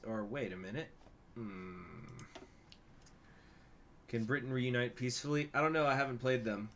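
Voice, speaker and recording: A man's voice: mid-range voice, normal speed, sharp tone, slight background noise. A man streaming a strategy game, reading event text aloud and chatting with viewers in a loose, joking way with the odd swear. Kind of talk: casual live-stream commentary.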